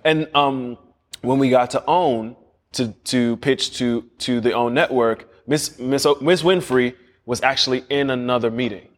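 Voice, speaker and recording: A man tells stories as an interview guest, lively and animated, restarting his sentences and acting out the voices of the people he quotes. His voice sits at an ordinary pitch for a man. The recording has a long, echoey room reverb. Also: a little slow. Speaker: guest, series creator. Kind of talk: casual storytelling.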